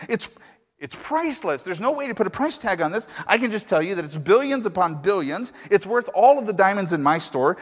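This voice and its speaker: A man's voice: sits high, pitched above the performer's own voice. A man playing a shaken male jeweler who stammers and exclaims in awe. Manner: breathless, rising exclamations. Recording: echoey hall reverb.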